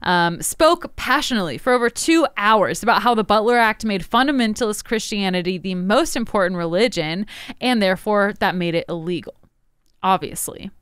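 A woman's voice: mid-range voice, expressive, moderate pace, a bit bright, clear, resonant tone, no echo, studio quality. A young woman from Tennessee co-hosting a casual podcast, recapping history with sarcastic asides. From Tennessee, USA. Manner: sarcastic, storytelling with laughs. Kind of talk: casual chat.

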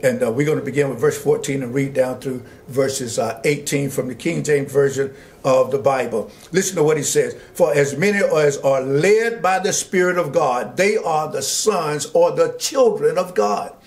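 A man pastor teaching a Bible study, slowly reading scripture aloud and preaching with rising emphasis and asides to his listeners. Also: a little high. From Georgia, US.

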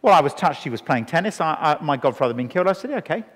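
A man's voice: on the high side, rapid-fire. Preacher guy in his 50s, tells stories, voice jumps all over, big echoey hall. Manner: animated storytelling, acting out dialogue. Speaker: evangelist preacher. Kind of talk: sermon. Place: church hall with a live audience. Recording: long reverb in a hall.

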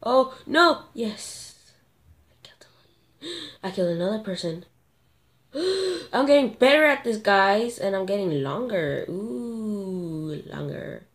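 Slow-talking excitable woman gamer. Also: mid-range voice. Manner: excitable, gasping and yelping at sudden moments; thinks aloud and talks to viewers. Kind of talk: live gameplay commentary.

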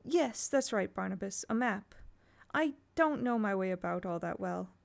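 A woman reading aloud, voicing a smooth, falsely charming grown woman with a bright, sweet manner that turns cold and tight. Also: mid-range voice, lively intonation, normal speed. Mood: falsely pleasant.

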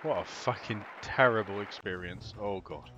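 A man giving excitable, foul-mouthed gameplay commentary as host of a gaming video. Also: fairly low pitch, moderate pace, lo-fi sound, music in the background, a crowd in the background. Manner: excitable, swears constantly, laughs often.

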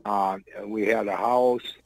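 A man's voice: on the low side, steady tone, slow pace, no echo, rough recording. A man in his sixties, a former wrestler, telling loose, rambling anecdotes in blunt, salty words. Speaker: guest, former pro wrestler. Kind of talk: casual storytelling.

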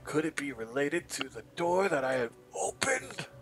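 A man voicing an excited male scholar reading his research journal aloud, in a British accent with dramatic, wondering delivery. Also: a little high, normal speed, soft background music, rough recording.

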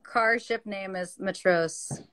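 A woman's voice: medium pitch, slow, a bit bright. A woman co-hosting a casual live stream from her phone, telling stories with frequent laughter. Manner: chatty, laughs often while storytelling. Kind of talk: casual chat.

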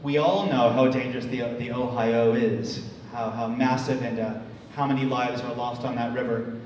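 A man from the United States, in his forties, telling a story to an audience with many pauses and repeated words. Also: medium pitch, fairly even intonation, a little mellow. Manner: halting, repeats words, restarts often. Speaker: speaker. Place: large hall. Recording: echoey hall, distant mic, faint noise.

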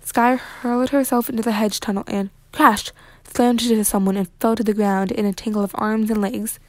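A woman reading a children's chapter book aloud with lively expression. Her voice sits high. The recording is dry and close, with no room sound. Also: moderate pace, no room sound. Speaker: narrator. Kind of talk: read-aloud storybook narration.

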